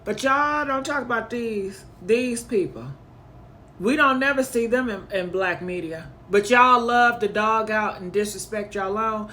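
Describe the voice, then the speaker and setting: A woman's voice: fairly high pitch, unhurried, bright, forceful tone, slight background noise. A woman hosting a commentary channel, reacting to clips in an indignant, emphatic way and repeating her points.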